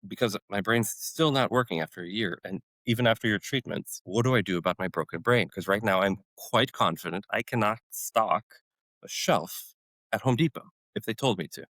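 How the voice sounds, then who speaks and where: A man's voice: on the low side, normal speed, a bit bright, no room sound, rough recording. A man in his forties, a former special forces medic, telling his story as a podcast guest and acting out his own past outbursts. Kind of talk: storytelling interview.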